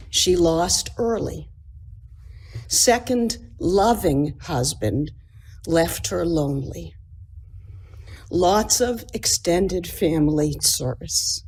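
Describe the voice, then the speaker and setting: A middle-aged woman giving a prepared eulogy at a memorial service, in short, measured phrases. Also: fairly low pitch, a little mellow, breathy edge. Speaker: eulogy speaker, daughter.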